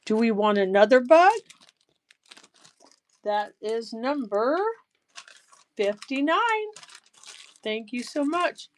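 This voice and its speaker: A woman hosting a live-stream jewelry auction, chatty and excitable, gushing over each piece. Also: a little high, takes it slowly, pauses often. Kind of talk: live auction selling chat.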